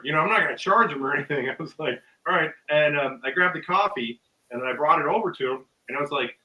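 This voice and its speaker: A man's voice: a little high, lively intonation, fast talker, sharp tone, far from the mic, poor audio. A man telling a long story in casual chat, rambling with ums and uhs and acting out the voices of the people in it. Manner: rambling, full of ums and uhs, acts out quotes with laughs. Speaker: guest musician.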